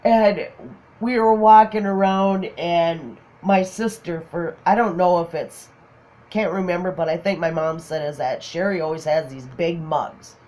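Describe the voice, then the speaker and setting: A woman's voice: fairly low pitch, fairly even intonation, a little slow, warm tone. A middle-aged woman, a grandmother telling funny family stories in casual chat, laughing often and acting out what people said. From Minnesota, USA. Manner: laughs often, acts out quotes. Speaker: crafting channel host.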